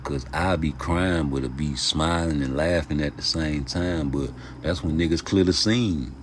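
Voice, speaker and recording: A man hosting a casual boxing vlog, talking passionately in heavy street slang and profanity, jumping from loud outbursts to mumbled asides. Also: a bass voice, a little slow, a little hiss or hum. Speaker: YouTube boxing commentator.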